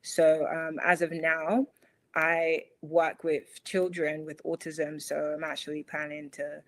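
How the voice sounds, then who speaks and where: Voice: medium pitch, level tone, slow, low-quality recording. A young adult from London with a British accent blended with some American, chatting casually as a podcast guest with lots of fillers. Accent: British, mixed with some American. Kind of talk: casual interview chat.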